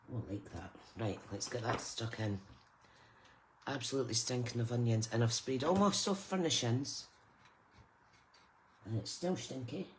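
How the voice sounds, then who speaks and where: A woman's voice: extremely low pitch, noisy background. A Scottish woman hosting a live crafting stream, chatting casually and greeting viewers by name as she works. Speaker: crafting channel host.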